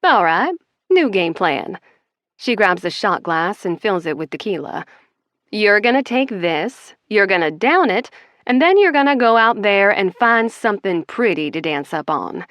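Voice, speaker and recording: A woman's voice: medium pitch, sing-song, unhurried, fairly bright tone, dry recording, clean studio sound. A woman voicing a brash, loyal female bartender in an audiobook, blunt and profane. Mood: teasing. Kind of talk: audiobook character voice.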